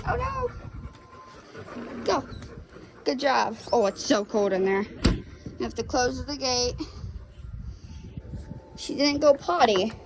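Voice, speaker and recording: A vlogger pet-sitting in a backyard coos to the dog in playful, coaxing baby-talk, her voice a little high. She records on a handheld phone, so the outdoor audio picks up background noise.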